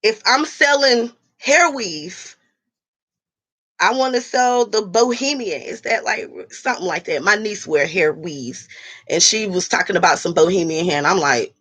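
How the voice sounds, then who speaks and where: A woman's voice: fairly low pitch, lively intonation, normal speed, fairly bright tone, husky. Blunt woman chatting with her livestream viewers. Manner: blunt, profane, talks straight to her viewers. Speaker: livestream host reading chat. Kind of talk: casual livestream chat.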